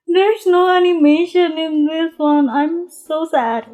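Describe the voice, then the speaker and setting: A woman doing live reaction commentary on an anime episode as a vlogger, excitable, with frequent exclamations and laughter, dropping into quiet murmured asides. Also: very high-pitched, slow pace, hardly any pauses.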